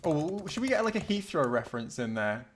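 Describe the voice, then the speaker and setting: A man chatting on a livestream as co-host, excitable and quick to laugh, tripping over his words as he pitches ideas for a script. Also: a little hiss or hum. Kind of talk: casual livestream chat, improvising a script.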